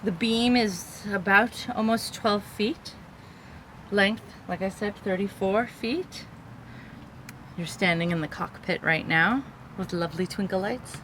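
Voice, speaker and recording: A woman hosting a vlog, giving an excited, giggly tour of a small sailboat she is aboard. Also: medium pitch, a little slow, a little hiss or hum. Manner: excited, giggly, with frequent laughs. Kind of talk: casual tour walkthrough.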